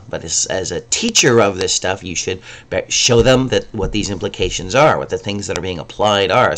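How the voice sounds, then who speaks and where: A man teaching a recorded language lecture, relaxed and casual, often pausing with "um" and checking in with "right?". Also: low-pitched, slight background noise. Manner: relaxed, frequent ums and rhetorical "right?".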